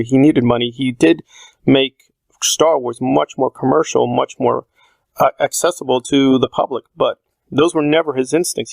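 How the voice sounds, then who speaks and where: A man's voice: medium pitch, creaky, a little mellow, no echo. A man talking through a casual spoken film essay, thinking aloud with frequent fillers and restarts. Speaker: video essayist.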